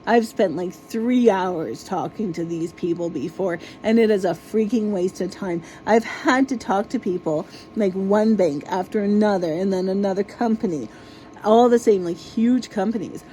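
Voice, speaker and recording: A woman's voice: medium pitch, moderate pace, dark tone, a little hiss or hum, low-quality recording. A woman vlogger in an exasperated, casual ranting monologue, swearing freely.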